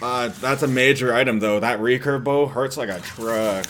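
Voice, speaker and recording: A man's voice: medium pitch, normal speed, a bit bright, a little hiss or hum. A man doing casual, chatty colour commentary on an esports match. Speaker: esports co-caster.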